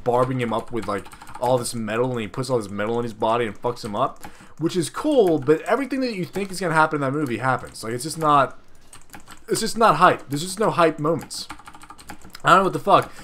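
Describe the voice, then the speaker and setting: A young man giving casual gameplay commentary, rambling and profane, with excitable bursts and frequent restarts. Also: on the high side. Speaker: gaming video creator.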